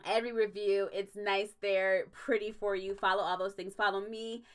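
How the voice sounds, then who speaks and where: A woman's voice: medium pitch, flat delivery, normal speed, smooth. A young adult woman hosting a casual livestream, ranting emphatically with frequent swearing and laughter. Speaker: stream host.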